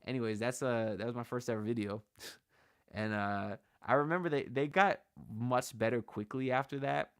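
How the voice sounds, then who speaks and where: A man's voice: mid-range voice, moderate pace, clear, resonant tone, no echo, clean studio sound. Slangy, hyped man on a livestream. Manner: loose, slangy, hyped, talks to chat. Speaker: host of a sports channel livestream. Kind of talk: casual livestream chat. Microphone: shotgun mic on camera.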